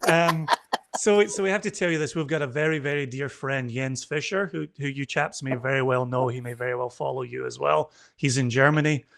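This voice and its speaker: A man's voice: medium pitch, fairly even intonation, brisk, creaky, fairly bright tone. A man who is a guest on a podcast, chatting casually and teasing his friend with stories. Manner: playful, teasing storyteller. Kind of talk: casual chat.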